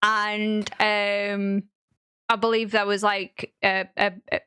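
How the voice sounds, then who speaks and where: A woman co-hosting a podcast, ranting in casual chat with opinionated, lively pitch jumps. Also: slow, clean tone, no room sound, studio quality. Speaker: podcast co-host.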